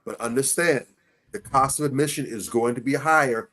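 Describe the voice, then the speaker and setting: A man's voice: medium pitch, normal speed, fairly bright tone. A man hosting a casual podcast, giving blunt, preachy advice with rhetorical questions and emphatic repetition. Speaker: podcast host.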